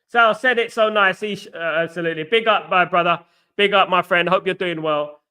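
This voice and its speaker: A man's voice: high-pitched, fairly even intonation, brisk, pushed and bright, clear, resonant tone. A man with a London accent hosting a live fan stream, chatting animatedly and answering viewers by name with casual slang. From England. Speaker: fan channel host. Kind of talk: live stream chat reading comments.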